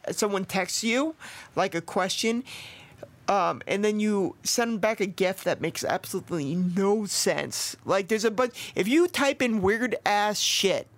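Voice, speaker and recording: A man's voice: high-pitched, unhurried, a bit bright. A man hosting a podcast, telling a true-crime story in a loose, rambling way with lots of fillers and swearing. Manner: rambling, profane, filler-heavy. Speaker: podcast host. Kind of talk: casual storytelling of a true case.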